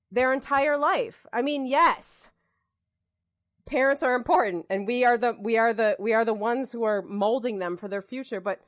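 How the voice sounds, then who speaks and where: Animated middle-aged woman podcast co-host. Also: a little high. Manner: animated, reassuring, emphatic. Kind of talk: casual chat.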